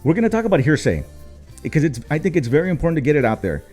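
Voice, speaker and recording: A man's voice: on the high side, sing-song, rapid-fire, a little mellow, soft background music. Rambling man. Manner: rambling, many fillers, swears freely, switches into Spanish. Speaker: co-host. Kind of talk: casual storytelling chat.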